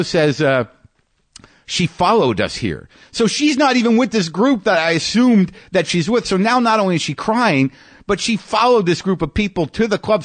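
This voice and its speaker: A man, a podcast host and stand-up comedian, telling a story in a halting way, often restarting and repeating words as he searches for them. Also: high voice, dry recording. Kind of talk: storytelling monologue.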